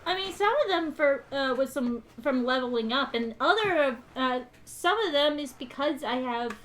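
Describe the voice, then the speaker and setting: A woman's voice: high voice, animated, moderate pace, fairly bright tone. A woman playing a tabletop game, hesitant and thinking aloud about her rolls. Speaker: player.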